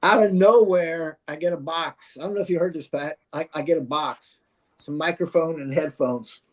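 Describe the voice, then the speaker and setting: A man with a high voice at a podcast round table. He tells a story with lively energy and acts out each quoted line. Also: normal speed. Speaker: podcast co-host. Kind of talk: casual round-table chat.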